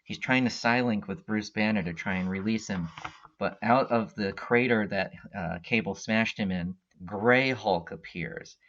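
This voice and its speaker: Rambling low-voiced man recapping comics. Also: measured pace, a bit bright, a little hiss or hum. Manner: rambling, filler-heavy retelling. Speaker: comic book podcast host. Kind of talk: casual storyline recap. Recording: dull lo-fi recording.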